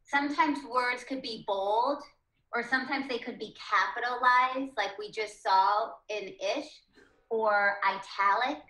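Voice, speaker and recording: A woman's voice: on the high side, a little slow, bright, forceful tone, reverberant, poor audio. A woman teaching a reading lesson to children, asking the class questions and encouraging them.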